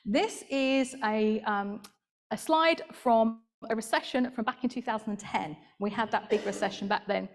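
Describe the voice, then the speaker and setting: A woman's voice: a little high, moderate pace. Chatty woman giving a talk. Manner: chatty, gossipy asides, laughs at own jokes. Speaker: podiatrist presenting at a conference. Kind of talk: conference talk with slides.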